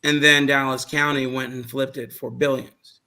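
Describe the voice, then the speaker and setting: A man's voice: medium pitch, flat delivery, normal speed, bright, forceful tone. A man on a casual panel chat, telling a rambling story and losing track of names.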